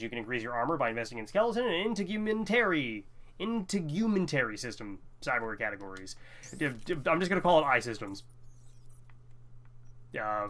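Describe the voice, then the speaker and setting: A man's voice: medium pitch, fairly bright tone. A man giving casual, rambling commentary while playing a video game, often tripping over words. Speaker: let's play host.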